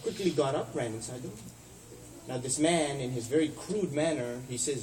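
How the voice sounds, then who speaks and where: A man giving a sermon, telling stories and acting out the people in them with lively shifts of voice. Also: normal speed, a little hiss or hum. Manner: storytelling lecture, acting out quoted speakers with rising and falling pitch. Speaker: speaker at a religious center. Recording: echoey hall, voice from far off.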